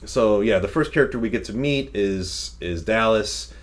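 Young male co-host, lowish voice, loose rambling chat, frequent laughs, casual swearing. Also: expressive, normal speed. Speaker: podcast co-host reviewing a movie.

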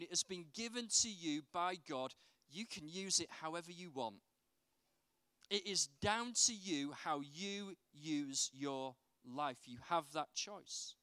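A man delivers a sermon in a high, clear voice, telling anecdotes and asking the listeners rhetorical questions. The recording is dry and close, with no room echo. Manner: animated storytelling with rhetorical questions. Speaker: preacher.

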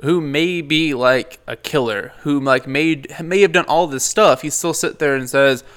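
A man's voice: a little high, measured pace, a bit bright, smooth. A man chatting casually about a movie, rambling with lots of fillers and jokes. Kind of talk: casual movie review chat.

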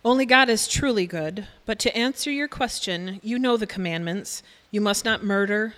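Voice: mid-range voice, normal speed, fairly bright tone. Scripture reader echoing in a hall. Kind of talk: reading scripture aloud. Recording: echoey hall from a distance.

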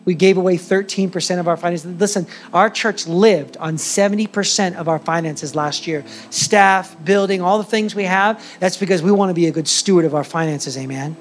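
A man preaching a sermon as the church's pastor, telling a story with animated, emphatic delivery. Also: sits high, moderate pace, few pauses, a little hiss or hum.

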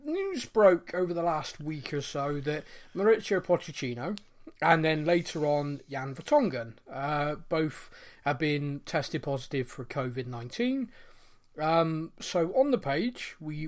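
Male podcast host, lively ranting delivery, wide pitch swings. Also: measured pace. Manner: animated, ranting, jokey. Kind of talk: casual chat.

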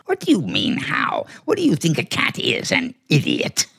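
A man's voice: a little high, huge pitch swings, moderate pace, creaky, fairly bright tone, slightly rough, heavily acted. An actor playing a clever, bossy talking male house cat in a 1940s radio play, smug and theatrical. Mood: scheming.

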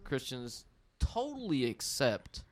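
A man's voice: medium pitch, wildly swooping pitch, takes it slowly. A young adult man hosting a casual podcast, joking and swearing freely and laughing often. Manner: profane, joking, laughs a lot. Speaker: podcast host. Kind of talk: casual chat.

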